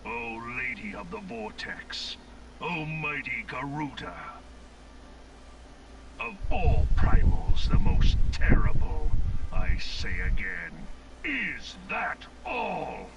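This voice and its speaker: An actor voicing an imperious older male enemy general in a video game cutscene, speaking with cold, measured, mocking authority. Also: mid-range voice, sing-song, gravelly, recorded from a distance, highs cut off, noisy background, full character voice. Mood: scornful.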